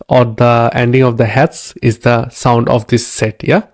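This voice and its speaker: Man, language teacher, unhurried, repeats words, asks "yeah?", dry close sound. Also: medium pitch, lively intonation, darkish tone, no room sound. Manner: patient, repeats each word, checks in with "yeah?" and "okay?". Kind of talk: slide-based language lesson.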